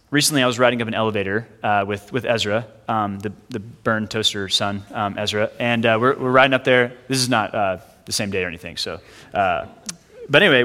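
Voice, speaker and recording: Bright-voiced man preaching in a reverberant hall. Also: medium pitch. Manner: conversational, with fillers and quick asides. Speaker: pastor. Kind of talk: sermon. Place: church sanctuary.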